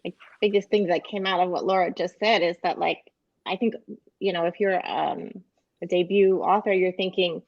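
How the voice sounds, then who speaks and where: A woman's voice: on the low side, steady tone, moderate pace, gravelly, dry recording, dull audio. A woman author on a panel giving encouraging advice, breaking into light laughs now and then. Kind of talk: casual panel chat.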